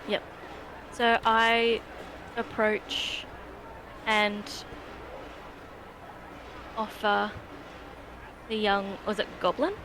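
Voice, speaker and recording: A woman playing a tabletop game, sometimes speaking gently and motherly in character. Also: mid-range voice, level tone, very slow, long pauses. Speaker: player. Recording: faint background noise.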